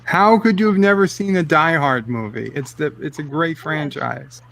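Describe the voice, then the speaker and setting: Male host, fry in the voice, casual jokey sign-off patter. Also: fairly high pitch, normal speed, a bit bright. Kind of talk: casual movie-reaction chat.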